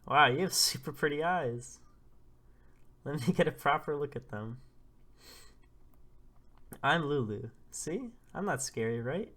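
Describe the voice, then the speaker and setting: A man voicing a kind, gentle young woman who coaxes and reassures softly, read aloud from a comic. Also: fairly high pitch, expressive, a little slow, pauses often. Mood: cheerful. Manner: soft, coaxing, playful.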